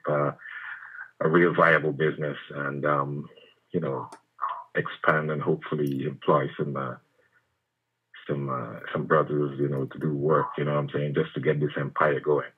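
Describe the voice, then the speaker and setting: A man's voice: extremely low pitch, husky. A man calling into a live show, talking hesitantly with many ums, with an English accent. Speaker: caller. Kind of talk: prank call on a live show. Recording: tinny phone line.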